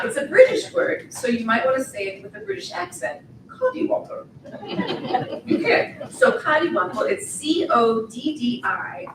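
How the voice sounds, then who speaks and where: Middle-aged woman giving a playful pep-talk speech, bit high voice, big echoey hall, sounds far from the mic. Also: a little hiss or hum. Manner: warm, playful, encouraging, talks straight to the graduates. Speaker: commencement speaker. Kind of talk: ceremony speech. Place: large event hall. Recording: echoey hall, voice heard from afar.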